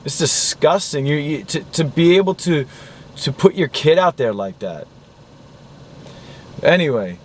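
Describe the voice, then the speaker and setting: A man's voice: a little high, lively intonation, measured pace, pauses often, a little hiss or hum. A man ranting angrily about a film he watched, swearing often, sounding disgusted and repeating himself. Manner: profane, indignant, repeats himself. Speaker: vlogger reviewing a film. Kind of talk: angry film rant.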